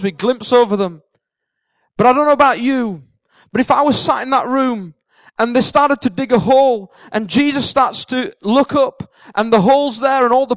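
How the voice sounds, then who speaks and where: High-voiced man preaching an animated sermon. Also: no room sound. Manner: animated storytelling, acting out the characters' words; repeats key phrases for emphasis. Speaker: pastor.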